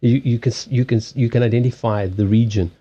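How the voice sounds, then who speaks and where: A man's voice: mid-range voice, fairly even intonation, fast talker, dark tone, muffled recording. A man with a Southern African English accent, hosting a casual livestream chat with viewers, rambling with lots of restarts, laughing often and swearing bluntly. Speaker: livestream host doing card readings.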